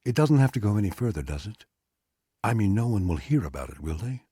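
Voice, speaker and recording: An anxious, apologetic young husband pleads in a husky voice that rises and falls a lot, as a man reads him. The recording is dry and close. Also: lowish voice, sing-song, brisk, dark tone, no echo. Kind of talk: audiobook character reading.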